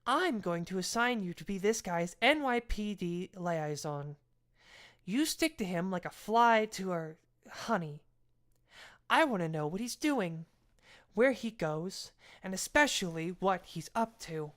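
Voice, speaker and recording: A woman voicing a gruff, suspicious male police captain who barks blunt orders in a raised voice. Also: mid-range voice, animated, a little slow, natural voice. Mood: commanding.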